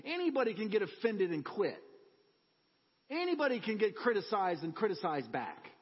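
A man's voice: high voice, normal speed, husky, big-room sound, highs cut off. A man preaching a sermon in a church, telling personal stories with humor and energy. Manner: animated personal storytelling with humor.

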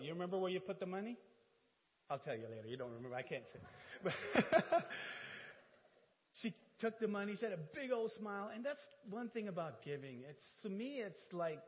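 A man preaching in a church and telling a personal story, animated and humorous, acting out conversations. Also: sits high, fairly quick. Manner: animated, acts out dialogue with humor. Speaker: pastor. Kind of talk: sermon storytelling. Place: church sanctuary. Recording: dull, reverberant church audio.

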